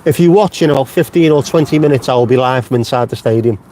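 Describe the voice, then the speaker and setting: A man's voice: medium pitch, quick pace, warm tone. A middle-aged man hosting a casual live stream from inside his car, chatty and jokey, swearing freely and wandering off on tangents. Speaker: vlogger host.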